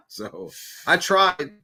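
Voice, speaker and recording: A man's voice: high voice, bright, forceful tone, slightly rough. A man co-hosting a casual movie livestream, telling rambling crude stories with frequent stammers and restarts. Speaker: podcast co-host. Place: indoor studio.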